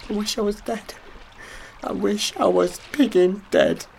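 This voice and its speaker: An actor playing a young man who has been drugged, frightened and grieving a lost love, his voice swinging high and low and breaking into sobs. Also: fairly even intonation, unhurried, vocal fry, darkish tone, a little hiss or hum, poor audio. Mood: despairing. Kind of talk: audio drama acting.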